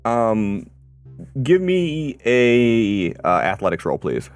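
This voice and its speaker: A man running a tabletop game as game master, narrating in a halting way full of ums and uhs. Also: mid-range voice, very animated, clean tone, soft background music.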